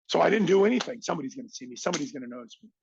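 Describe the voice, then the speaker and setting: A man's voice: on the high side, big pitch swings, racing, vocal fry, lo-fi sound, slight background noise. A middle-aged man, a podcast guest, tells a motivational story with emphatic energy and acts out other people's lines.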